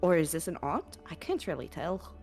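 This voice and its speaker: A woman's voice: sits low, big pitch swings, moderate pace, a little mellow. A woman playing in a tabletop game, speaking hesitantly and repeating words as she stammers. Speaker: player. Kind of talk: tabletop role-play chat. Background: faint music.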